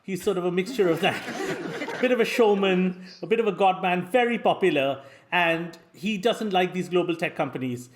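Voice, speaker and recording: A man's voice: sits high, normal speed, background noise. A man from India, a guest comedian, telling wry funny stories on a panel and laughing at his own punchlines.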